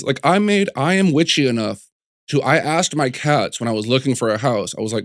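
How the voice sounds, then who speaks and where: A man who sculpts, chatting as an interview guest, telling animated stories full of restarts and little voices. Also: mid-range voice, normal speed, dry recording, studio quality. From United States. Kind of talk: casual interview chat.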